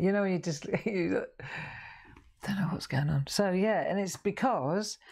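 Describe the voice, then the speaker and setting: A woman's voice: deep voice, a little mellow. A woman hosting a live craft show, chatting in a rambling way as she works, often breaking off mid-sentence. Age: 60s. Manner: chatty, rambling, self-interrupting. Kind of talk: live crafting demonstration chat.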